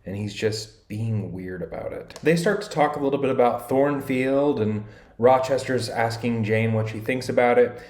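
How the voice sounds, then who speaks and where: A man's voice: mid-range voice, normal speed, hardly any pauses, darkish tone. Man explaining a classic novel conversationally, slangy paraphrase, roomy echo on the voice. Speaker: literature explainer. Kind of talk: casual chapter summary with read-aloud quotes. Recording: echoey room.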